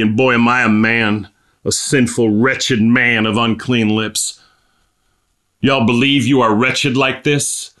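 A middle-aged man preaching a sermon, impassioned, reading scripture slowly and climbing to emphatic high peaks. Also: steady tone, bright, forceful tone.

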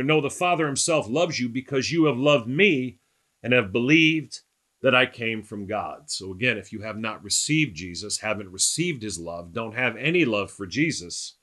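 A man leads a verse-by-verse Bible teaching. He sounds emphatic and keeps checking in with his listeners. His voice is bright and forward at an ordinary pitch. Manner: rhetorical questions to listeners.

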